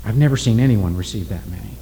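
A man voicing a soft-spoken young village girl. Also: on the low side, quick pace, creaky, voice pushed down. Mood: gentle. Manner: soft and gentle.

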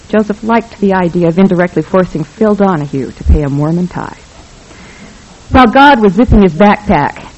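A narrator reading a novel aloud in a wry, even manner. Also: medium pitch, muffled recording. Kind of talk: scripted audiobook narration.

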